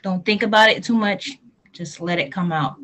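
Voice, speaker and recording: An adult on a video call casually correcting pronunciation, hesitant and modeling words slowly. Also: mid-range voice, bright, forceful tone, slight background noise. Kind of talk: casual coaching in a class.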